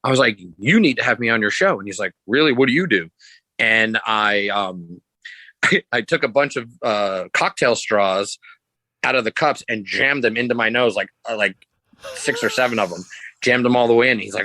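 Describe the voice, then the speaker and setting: A man, a sideshow performer guesting on a podcast, telling stories in a loose, rambling way and jumping his pitch to act out quotes. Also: animated, a little fast, bright, forceful tone, dry recording, poor audio. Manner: rambling, restarts, acts out quotes with pitch jumps; loose, swears casually. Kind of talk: casual storytelling.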